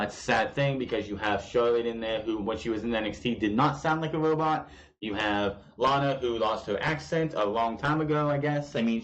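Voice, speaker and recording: A man's voice: mid-range voice, lo-fi sound. Blunt, profane man ranting casually. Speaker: wrestling show commentator. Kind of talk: casual opinion vlog.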